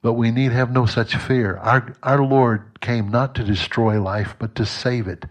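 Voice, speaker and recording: A man giving a devotional reflection in an earnest, measured way, and reading aloud. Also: medium pitch, steady tone. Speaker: devotional speaker.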